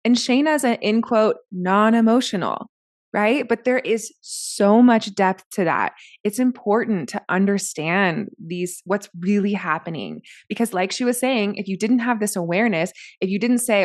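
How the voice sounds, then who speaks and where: A woman's voice: mid-range voice, normal speed, dry recording, clean studio sound. A woman co-hosting a podcast, explaining things in an earnest, thorough way. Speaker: podcast co-host. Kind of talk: casual podcast chat.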